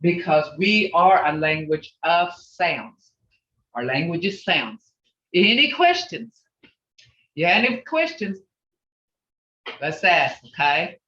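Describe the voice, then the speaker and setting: Over a video call with dull audio, a teacher leads an online language class, patiently drilling words syllable by syllable and reassuring students. The voice is medium-pitched, bright, and forceful, slow with frequent pauses and big pitch swings, and sounds reverberant.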